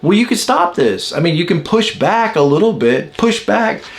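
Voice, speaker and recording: A man's voice: high voice, very animated, moderate pace. Man teaching in a musing, conversational way. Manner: conversational, musing aloud with fillers and rhetorical questions. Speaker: personality-type teacher. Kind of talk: casual spoken lesson.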